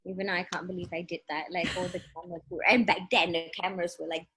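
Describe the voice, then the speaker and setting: A Malaysian woman in her thirties, a chef guest telling stories in a lively casual interview, laughing often and acting out quotes. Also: on the low side, quick pace, breathy edge, poor audio. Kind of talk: casual radio interview storytelling.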